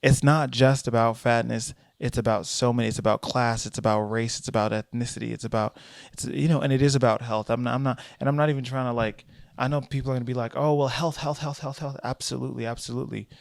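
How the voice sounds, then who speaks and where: A man records a casual vlog monologue, rambling and animated as he corrects himself mid-sentence. His voice has a gravelly edge. The sound is dry and close. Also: mid-range voice, quick pace, dry recording. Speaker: vlogger and comedian. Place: in transit, Boston.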